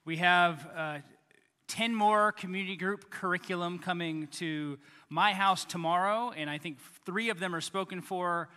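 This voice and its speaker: A man's voice: high voice, a little slow, sharp tone, clear, resonant tone, big-room sound. A male pastor giving a casual, joking sermon to his congregation and acting out little everyday scenes for the kids. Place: church hall.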